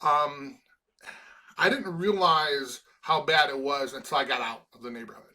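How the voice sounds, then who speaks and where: Earnest, bright-voiced man, halting restarts. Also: on the high side. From Chicago, USA. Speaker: guest, former college football player. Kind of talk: emotional interview conversation.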